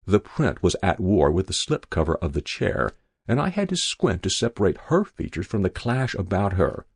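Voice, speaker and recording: A man's voice: sits low, very animated, moderate pace, slightly rough, no room sound. A man reading a first-person story aloud in a wry, dry storytelling manner. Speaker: narrator. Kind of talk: audiobook narration.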